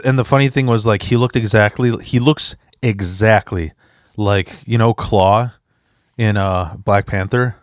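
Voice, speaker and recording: On a relaxed podcast, this male standup comic of immigrant background spins profane, meandering yarns, voicing both people in every exchange with lively energy. He speaks on the low side and a little slowly, in a dry, studio-quality recording.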